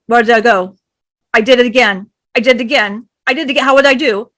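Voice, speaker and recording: A woman's voice: on the high side, fast, a bit bright, natural voice. A woman voicing a grieving, abandoned woman who pleads and repeats herself in despair. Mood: distraught. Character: grieving abandoned woman, desperate and self-loathing.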